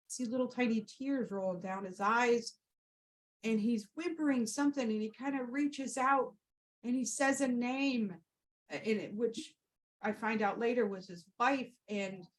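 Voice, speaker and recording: On a roughly recorded podcast, a Reiki practitioner with a slightly high voice hosts, telling the story of a session and fielding questions. She rambles warmly and sincerely, using many fillers and restarts in casual storytelling and Q&A.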